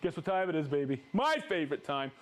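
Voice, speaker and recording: High, lively man hosting a live stream. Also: quick pace. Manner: upbeat, jokey, reads viewer names with whoops. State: recovering from a cold. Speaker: livestream host. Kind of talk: live stream shout-outs to viewers.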